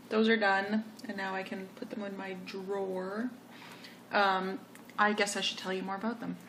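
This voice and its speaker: A woman's voice: medium pitch, vocal fry, fairly bright tone, slight background noise. A woman hosting a knitting video podcast, talking casually and rambling through her finished projects. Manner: chatty, rambling, self-correcting. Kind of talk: casual show-and-tell chat.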